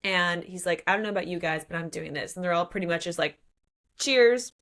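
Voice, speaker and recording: A woman with a lowish, fairly bright voice speaks briskly as a book podcast co-host. Chatting casually, she retells a plot, acts out the characters' lines, and says "like" often.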